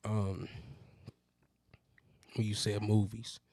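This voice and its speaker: A man's voice: fairly low pitch, extremely slow, no room sound. A man co-hosting a podcast, chatting casually and acting out stories. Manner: animated storyteller, acts out quotes in a raised voice. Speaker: podcast co-host. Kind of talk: casual chat.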